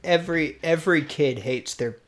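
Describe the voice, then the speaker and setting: A man co-hosting a casual podcast game, playful and quick to laugh between jokey picks. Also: on the high side. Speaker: podcast co-host.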